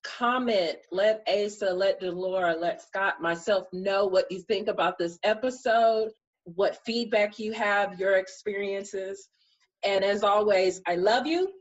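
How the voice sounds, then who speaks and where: A woman's voice: mid-range voice, measured pace, highs cut off. A woman hosting a podcast, closing the episode in a brash, playful way. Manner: brash, playful, thanks guests. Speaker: podcast host. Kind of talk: casual podcast outro.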